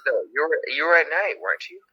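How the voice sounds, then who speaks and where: A man's voice: a little high, fast talker, creaky, slightly rough, no echo, lo-fi sound. A man co-hosting a podcast in casual chat, teasing his friend and laughing often. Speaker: podcast co-host.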